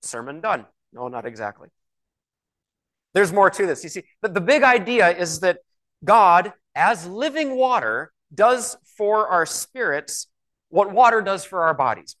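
A man preaching a sermon in a conversational way, asking rhetorical questions and slowing down to stress key words. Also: high voice, very animated, fairly bright tone. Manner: slows and stresses key words when reading scripture.

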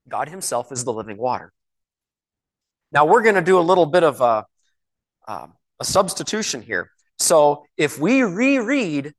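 A man preaching a sermon in a conversational way, asking rhetorical questions and slowing down to stress key words. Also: fairly high pitch, fairly bright tone. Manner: slows and stresses key words when reading scripture.

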